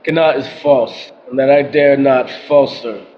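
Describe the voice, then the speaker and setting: A man's voice: mid-range voice, fairly even intonation, unhurried, close to an everyday voice. A man playing a proud, commanding Roman ruler in an audio drama, speaking in a stately, declamatory way. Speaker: actor playing Caesar. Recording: dull lo-fi with faint noise.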